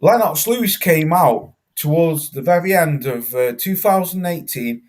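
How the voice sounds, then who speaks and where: A man's voice: fairly high pitch, animated, measured pace, a little mellow. A man hosting a live boxing talk stream, emphatic and swearing, repeating words for stress. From Britain. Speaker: host.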